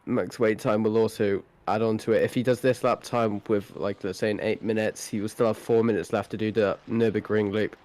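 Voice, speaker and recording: Lower-voiced man in sim race commentary. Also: fairly even intonation, a little fast, hardly any pauses, darkish tone. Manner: dry, joking banter.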